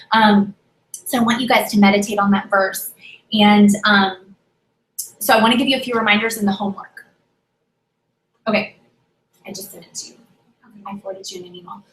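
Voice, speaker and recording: Energetic woman giving a pep talk. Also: medium pitch. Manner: energetic, pep-talk, repeats key phrases, many "okay?" checks. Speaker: sales team leader. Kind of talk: motivational team training. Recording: echoey room.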